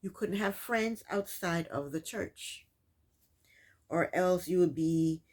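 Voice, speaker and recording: A woman's voice: on the low side, takes it slowly. A woman hosting a casual recap of a reality show, telling the events in her own words and scolding the people in it. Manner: sassy, scolds the people on screen.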